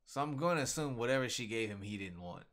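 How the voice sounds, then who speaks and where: A man casually reacting to a webcomic, reading panels aloud with slangy, animated commentary from a home desk mic. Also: medium pitch, quick pace. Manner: animated, slangy, reads comic lines aloud. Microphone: desktop USB microphone.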